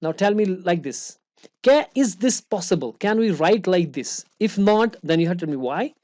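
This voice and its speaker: A woman's voice: fairly low pitch, lively intonation, moderate pace, dark tone, dry recording. A woman teaching a one-on-one recitation lesson, explaining rules patiently and checking understanding with frequent questions.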